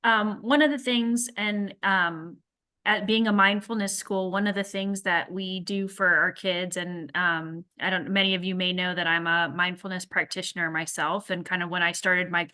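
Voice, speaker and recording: A middle-aged woman with a bright, ringing tone speaks to parents at a school workshop. She talks in a loose, conversational way, full of fillers and restarts. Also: lowish voice, steady tone, moderate pace, clean tone. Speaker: school staff member.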